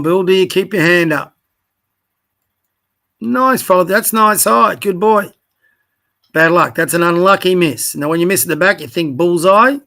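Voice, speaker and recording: A man's voice: sits high, vocal fry, pushed and bright. A man coaching youth basketball, reviewing game video in direct, corrective, encouraging talk and naming his players, tired late at night. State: tired, yawning. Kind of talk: casual video review commentary.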